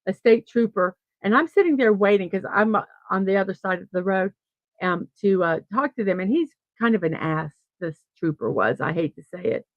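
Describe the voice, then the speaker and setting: Chatting with viewers and reading their comments, a middle-aged woman rambles through a story on her daily morning livestream, animated, laughing and restarting sentences. She has a medium-pitched voice at a normal speed. There's no echo, but the highs are cut off.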